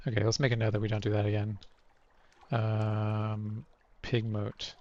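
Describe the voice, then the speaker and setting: A man's voice: fairly low pitch, completely flat delivery, unhurried, a little mellow, lo-fi sound, a little hiss or hum. A man doing casual let's play commentary, thinking aloud over his choices and reading game text aloud.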